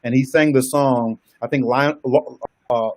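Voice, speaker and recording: A man's voice: mid-range voice, steady tone, measured pace. A man with a Southern US accent, a married guest giving earnest, testimonial advice in a casual church talk. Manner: earnest, testimonial, laughs easily.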